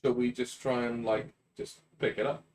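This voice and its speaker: A man's voice: mid-range voice, moderate pace, a little hiss or hum. A man playing in a tabletop game, chatting casually and joking with the others. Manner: joking, swears freely, animated outbursts. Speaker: player.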